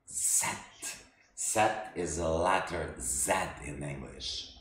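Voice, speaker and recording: Very slow, deep-voiced male teacher. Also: reverberant, slight background noise. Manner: slow, halting, with many restarts. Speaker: language teacher. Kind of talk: language lesson.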